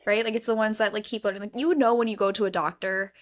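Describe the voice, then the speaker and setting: A woman's voice: mid-range voice, steady tone, quick pace. Rambling, reflective woman host. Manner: rambling, reflective, heavy use of "like". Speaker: podcast host. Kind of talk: casual chat.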